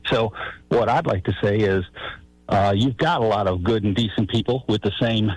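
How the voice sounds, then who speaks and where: A man's voice: fairly low pitch, moderate pace, no room sound, faint music behind, rough recording. A man from Chicago calling in to a radio talk show, chatty and folksy, laughing as he tells stories. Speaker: caller.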